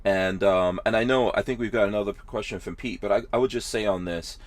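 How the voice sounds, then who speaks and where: A man hosting a podcast, explaining things in a steady, conversational way. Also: lowish voice, brisk. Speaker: podcast host. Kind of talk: casual podcast interview.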